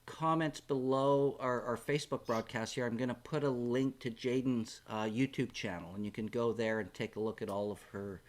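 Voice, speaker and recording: A man's voice: mid-range voice, moderate pace, few pauses. A man hosting a live online interview over a video call, chatting casually and encouraging his guest with plenty of praise. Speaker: host of a live online event.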